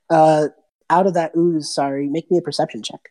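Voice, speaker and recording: A woman game master narrating a tabletop game in a relaxed, descriptive way. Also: low-pitched, normal speed, low-quality recording. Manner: relaxed, descriptive, some restarts.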